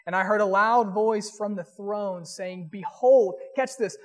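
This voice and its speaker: A man, a pastor, preaching a sermon earnestly and reading scripture aloud slowly. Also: sits high, in a large hall.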